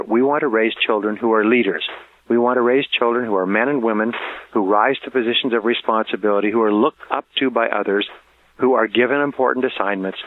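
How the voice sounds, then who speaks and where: A man's voice: mid-range voice, a little hiss or hum. Man giving a talk, tinny phone-like sound. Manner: earnest, repeats key words for emphasis, chuckles at his own anecdotes. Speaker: motivational speaker. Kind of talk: recorded parenting talk.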